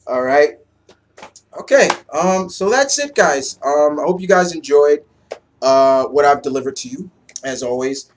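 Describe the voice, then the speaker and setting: A young man giving a casual, excitable comic book review, loose and swearing freely. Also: a little high, a little slow, slight background noise.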